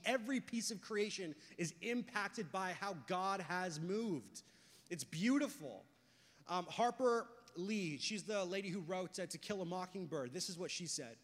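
High-voiced young preacher in a reverberant hall. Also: male voice, moderate pace. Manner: conversational, storytelling, swings from hushed to loud and excited. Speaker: pastor. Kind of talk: sermon.

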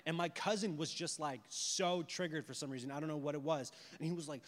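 Man, pastor, sermon, animated, rhetorical questions, high voice, reverberant hall. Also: brisk.

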